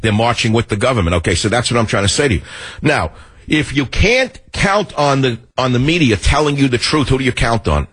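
A male talk radio host rants through a sarcastic, combative monologue. His voice is slightly husky, and his pitch swings widely as he jabs at his targets. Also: lively intonation, a little fast, fairly bright tone.

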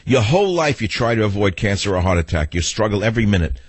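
Combative, husky-voiced male radio host. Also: on the low side, sing-song, fast, no room sound. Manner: combative, sardonic, rambling. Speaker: radio talk show host. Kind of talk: talk radio monologue and caller exchange.

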